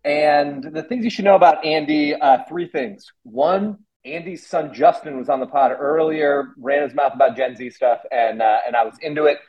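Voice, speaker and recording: A young man hosting a podcast, upbeat and profane. His fairly high voice comes through dull and lo-fi. He leans on fillers and false starts. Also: normal speed, few pauses. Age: young adult. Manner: excitable and profane, hedges with fillers. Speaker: podcast host. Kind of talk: casual podcast conversation.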